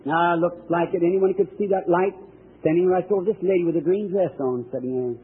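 A man's voice: sits high, fast talker, husky. A man preaching at a healing service, praying and speaking directly to people one by one in a fervent, emphatic way. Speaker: preacher and faith healer. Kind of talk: healing-service sermon with prayer. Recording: thin, tinny old archival tape.

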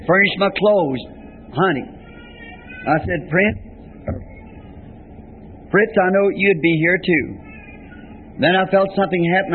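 A man preaching in a high, light voice, telling his story with folksy earnestness and plain rural turns of speech. The recording is thin and narrow, like a phone line, with a faint hiss beneath it. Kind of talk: sermon, recounting a vision. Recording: tinny lo-fi archival tape with faint hiss.

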